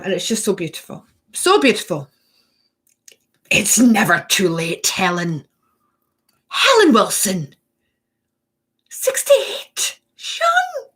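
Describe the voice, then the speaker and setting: A woman hosting a spiritual workshop, chatting effusively through a casual live-stream Q&A and answering viewers by name. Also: mid-range voice.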